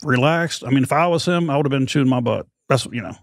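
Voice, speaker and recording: A man's voice: medium pitch, fast talker, no echo, studio quality. A middle-aged American man, a podcast host being interviewed, telling a rambling, self-deprecating story and acting out the voices of others. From United States.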